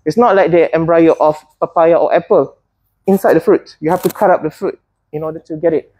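A woman's voice: sits low, steady tone, a little fast, dark tone, husky. A woman teaching a botany class, often hesitating and putting questions to her students. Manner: hesitant, many fillers and restarts, asks students questions.

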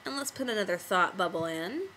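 A woman's voice: mid-range voice, lively intonation, fairly quick, sharp tone, slight background noise, low-quality recording. A woman teacher walking children through making a comic on screen, patient and step-by-step. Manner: patient, step-by-step classroom explaining. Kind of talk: screen-recorded software tutorial for kids.

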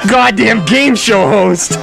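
A man hosting a comic radio show in a studio. He talks loud, profane and self-mocking, ranting into a handheld microphone. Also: high voice, takes it slowly, vocal fry, over music. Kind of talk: casual comic radio chat.

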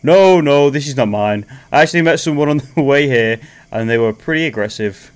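Calm menacing cannibal, horror game; man reads him aloud, low and measured. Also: clear, resonant tone, lightly acted. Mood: cool menace. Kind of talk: reading game dialogue aloud.

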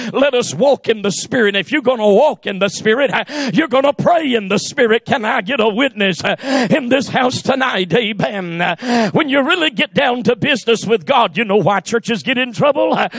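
A preacher in full fervor, a man shouting his sermon in a very high, gravelly voice that turns husky at the edges. His fast bursts break up on drawn-out "uh"s, and the sound is close and dry. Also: no room sound. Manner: shouting, fervent, frequent "uh" between phrases. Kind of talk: Pentecostal sermon. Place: church sanctuary.

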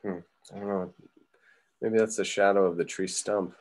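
Low-voiced man teaching drawing casually. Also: normal speed. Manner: relaxed, thinking aloud with many ums. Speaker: art teacher. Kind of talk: casual live drawing lesson.

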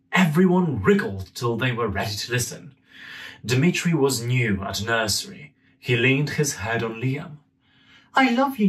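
A young man in a gentle, friendly manner, reading a children's story aloud at home. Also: mid-range voice. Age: young adult. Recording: voice a bit far from mic.

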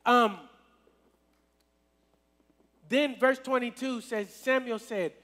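A man's voice: high voice, lively intonation, measured pace, pauses often, a bit bright. A man leading a casual youth sermon in a church service, talking conversationally and checking in with the crowd often. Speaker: youth minister. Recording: long reverb in a hall.

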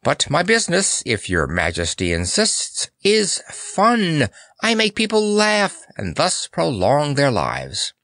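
A man's voice: a little high, wildly swooping pitch, takes it slowly, fairly bright tone, dry recording, clean studio sound, voice pushed up, full character voice. A man voicing a polite, good-humored male circus clown with a jokey manner.

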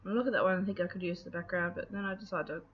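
A woman talking casually through her scrapbooking process, relaxed and chatty, with plenty of ums and thoughts that trail off. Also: lowish voice, racing. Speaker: scrapbooking video host. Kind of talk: casual craft process narration. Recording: dull lo-fi with faint noise.

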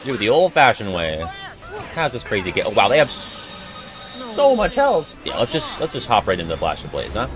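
A young man giving profane, jokey, excitable commentary as he plays a video game. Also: lowish voice, fairly quick, music in the background. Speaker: gamer and video host. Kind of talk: let's-play game commentary.

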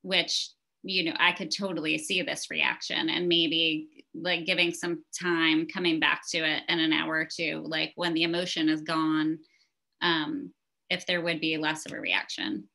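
A woman's voice: deep voice, steady tone, measured pace, gravelly, bright, forceful tone. A woman host leading a conversation, reading a question aloud and musing tentatively. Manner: reads a listener's question aloud, tentative phrasing. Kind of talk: conversational interview.

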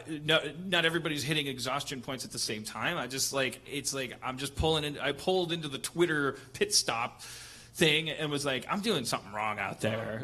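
A man's voice: medium pitch, pushed and bright. A middle-aged man hosting a live comedy podcast, rambling and restarting his sentences with self-deprecating asides. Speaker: podcast host. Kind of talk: casual comedic chat on a live show. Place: live venue on stage.

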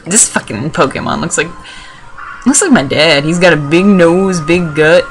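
A woman's voice: on the low side, lively intonation, unhurried, slight background noise, rough recording. A young woman rambling through casual gameplay commentary, swearing and joking. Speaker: let's play gamer.

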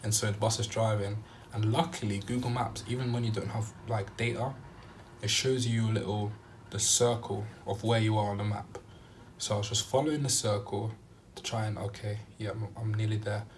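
A young man vlogging a travel story, animated and acting out what he said at the time. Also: on the low side, normal speed, a little hiss or hum. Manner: animated storytelling, acting out his own quotes. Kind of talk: storytime vlog.

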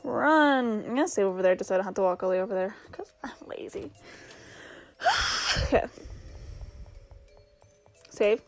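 A woman's voice: medium pitch, lively intonation, a little fast, pauses often. A young woman playing a game and commenting as she goes, reading its text aloud and mocking herself in exasperated mutters. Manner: self-deprecating, exasperated muttering. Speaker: gamer. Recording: faint game music behind.

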